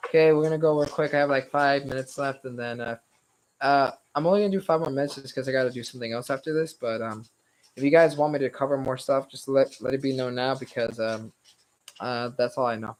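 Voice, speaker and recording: A man's voice: mid-range voice, fairly even intonation, quick pace, poor audio. A young man leading a casual study-session lecture, loose and rambling with frequent swearing and hedging, his voice a little strained. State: slightly strained voice.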